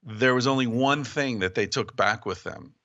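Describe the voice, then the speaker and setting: Laid-back guest telling a story, dull audio. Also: male voice, mid-range voice, moderate pace. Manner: relaxed storyteller, laughs while telling. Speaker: guest author. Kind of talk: casual interview chat.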